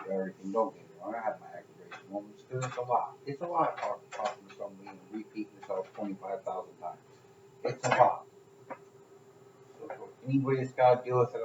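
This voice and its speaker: Low-voiced man rambling in an echoey room. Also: noisy background. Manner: rambling storytelling, swears, laughs at own stories. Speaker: podcast co-host. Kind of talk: casual chat. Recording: echoey room, dull sound.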